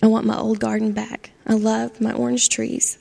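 A woman voicing Charlie, a gentle male gardenia grown sad and bitter, in a storybook read-aloud. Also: fairly high pitch, completely flat delivery, moderate pace, gravelly. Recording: long hall reverb.

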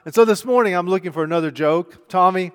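A middle-aged man preaching a sermon, telling a story conversationally and moving between hushed and loud delivery. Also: high voice, quick pace, clear, resonant tone. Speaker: pastor. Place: church sanctuary. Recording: long church hall reverb.

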